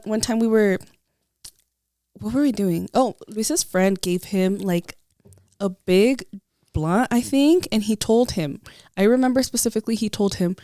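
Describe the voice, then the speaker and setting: A young woman in her twenties, chatting as a podcast co-host and telling a personal story in a loose, rambling way. She talks at an average pitch, close to the mic in a dry, dead room. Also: dark tone, no echo. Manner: chatty, lots of likes, laughs as she tells a story. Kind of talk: casual chat, storytelling.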